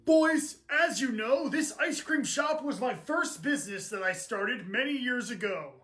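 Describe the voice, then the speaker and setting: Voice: mid-range voice, lively intonation, a little slow, fairly bright tone. A performer delivering earnest, exaggerated lines in a comedy skit.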